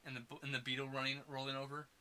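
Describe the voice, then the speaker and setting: A man co-hosting a podcast, chatting casually about a movie, excitable and quick to swear and laugh. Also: medium pitch, a little hiss or hum. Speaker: podcast co-host. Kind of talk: casual movie review chat.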